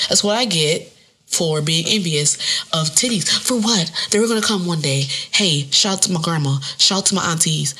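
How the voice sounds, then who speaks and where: A woman in her thirties, a podcast host, telling a funny story in casual, animated, profane speech with AAVE. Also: lowish voice, moderate pace, slightly rough. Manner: animated, profane, laughs often.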